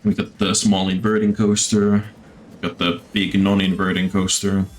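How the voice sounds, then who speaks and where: A man's voice: low-pitched, monotone, moderate pace, faint music behind. A man streaming a theme-park building game, chatting casually with lots of fillers and the odd swear. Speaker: gaming streamer. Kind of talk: casual gameplay commentary. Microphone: desktop mic.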